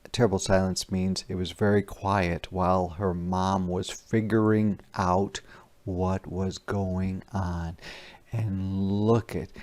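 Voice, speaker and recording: A man teacher doing an interactive read-aloud for young children, pausing to ask questions and explain words. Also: deep voice, a little mellow.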